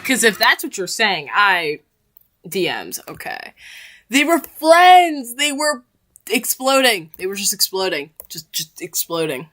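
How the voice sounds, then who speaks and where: A woman reacting to a game trailer in casual, slangy commentary, excitable and quick to laugh and shout out. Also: medium pitch.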